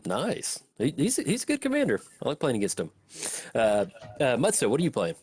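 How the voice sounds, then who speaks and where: A man's voice: mid-range voice, wildly swooping pitch, fairly quick, darkish tone, slight background noise. Laughing man hosting a card game. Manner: upbeat, laughs often. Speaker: host of a card game session. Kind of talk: casual chat while playing a card game.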